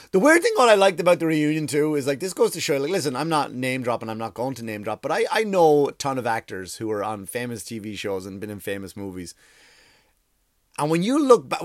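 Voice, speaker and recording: Recorded in a clean studio sound with no echo, a man with a slightly high voice delivers a rambling, profane comedy monologue full of "like" and "you know." He speaks from a workspace across from a school.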